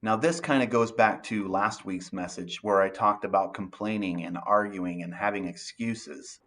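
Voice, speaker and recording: Male pastor, earnest sermon delivery with scripture reading, low-pitched voice. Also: moderate pace, a bit bright. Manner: earnest, reads scripture aloud and applies it.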